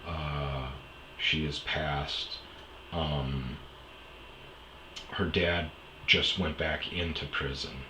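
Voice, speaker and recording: Male podcast storyteller, low and bright timbre, frank and foul-mouthed. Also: steady tone, drawn-out words, pauses often, roomy sound, slight background noise, rough recording. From Wisconsin. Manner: blunt, profane, candid. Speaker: podcast host. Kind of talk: storytelling monologue.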